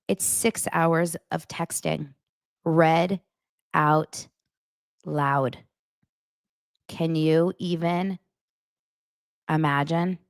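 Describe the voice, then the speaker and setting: Frank, chatty woman with a lowish voice. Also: steady tone, extremely slow, pauses often, no room sound, clean studio sound. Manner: frank, chatty, with frequent asides. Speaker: host. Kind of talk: casual commentary vlog.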